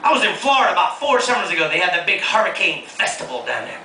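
A stand-up comedian with a very high voice, loud and mocking as he teases the crowd. He was taped from far off in an echoey ship lounge, with audible room noise and laughter behind him. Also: big pitch swings, quick pace. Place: cruise ship lounge before a live audience. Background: audience laughter.

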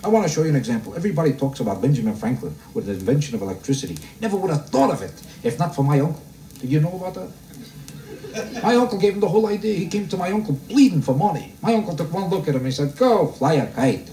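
A man doing a stand-up routine for a live audience, grumbling deadpan and tossing rhetorical questions at the crowd. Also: a little high, rapid-fire. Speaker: stand-up comedian. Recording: roomy live club recording, mic heard from a distance. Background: audience laughter.

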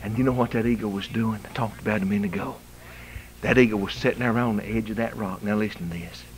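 A male pastor preaching a fiery revival sermon in a church, swinging from shouting to hushed whispers, with a Southern US accent. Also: lowish voice, fairly even intonation, fast, poor audio. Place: church sanctuary.

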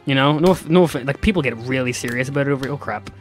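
A man's voice: medium pitch, very fast, faint music behind. A man with a Northern Irish accent co-hosting a let's play, teasing and playfully mock-commentating the action. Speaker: co-host gamer.

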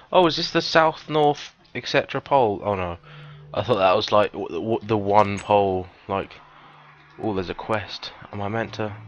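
A man giving cheeky, casual gameplay commentary, swearing often and breaking into sudden high, excited yelps. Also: dull audio. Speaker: let's player.

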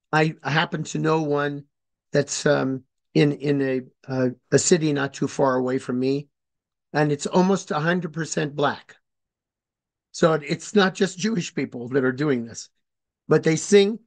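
A man giving an informal lecture, hesitant and deliberate with many fillers and restarts, explaining slowly and spelling words out. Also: on the high side, gravelly. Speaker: speaker on religious history.

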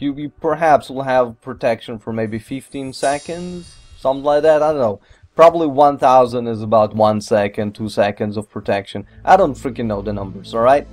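A man doing gameplay commentary, rambling and excitable, with mild swearing and non-native English phrasing. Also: mid-range voice. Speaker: let's play gamer.

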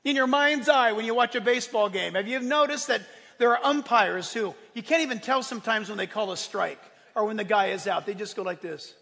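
High-voiced male pastor in a reverberant hall. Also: brisk. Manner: emphatic, with sudden swings between loud declarations and quiet asides. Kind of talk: sermon.

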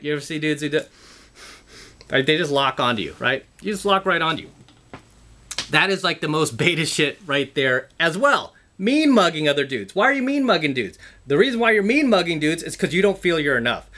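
Man, motivational vlogger, emphatic and repetitive, blunt, swears, pitch swings all over. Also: big pitch swings, brisk, sharp tone. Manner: lecturing, calls the audience "guys". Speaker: self-improvement vlogger. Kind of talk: motivational talking-to-camera.

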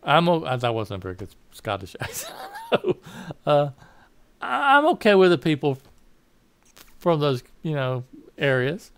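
A man's voice: a little high, sing-song, a little slow, pauses often, fairly bright tone, smooth, dry recording. A man with a Southern American accent giving a rambling political opinion monologue, often correcting himself and laughing at his own asides. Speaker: political commentator.

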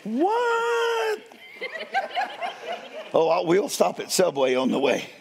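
An older man, preaching a sermon and telling stories in a folksy, playful way, with a gravelly, husky voice. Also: fairly high pitch, brisk. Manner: folksy, playful, addresses crowd as y'all. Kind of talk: sermon storytelling. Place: church sanctuary. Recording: long hall reverb.

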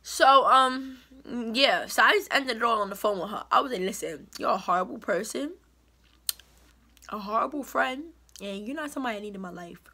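Animated young woman telling a storytime. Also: on the high side, normal speed, breathy edge. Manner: animated, emphatic, indignant storytelling. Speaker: vlogger. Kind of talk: storytime vlog.

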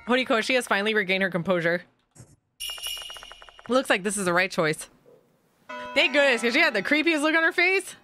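A woman's voice: fairly high pitch, lively intonation, a little fast, long pauses, sharp tone, slight background noise. A woman streamer narrating a story game and chatting about her choices as she plays. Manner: chatty, reacts aloud while reading narration. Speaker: gaming streamer. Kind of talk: let's play commentary and reading.

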